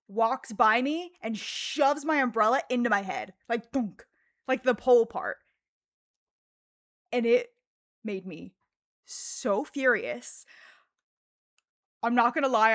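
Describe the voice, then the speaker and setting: A woman streamer chatting casually and telling an animated story, laughing often and peppering her talk with fillers. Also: on the high side, no echo, clean studio sound. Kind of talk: casual livestream chat.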